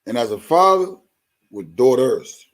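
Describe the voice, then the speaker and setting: A man runs a live stream where he speaks frankly to his viewers and swears a lot, addressing them head-on in a rant. He takes his time, and his mid-range voice swings widely in pitch.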